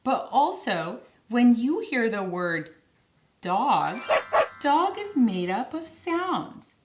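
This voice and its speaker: A woman teaching young children phonics in a slow, clear, sing-song way, stretching each word out. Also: slight background noise. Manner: sing-song, stretches words slowly with lively pitch.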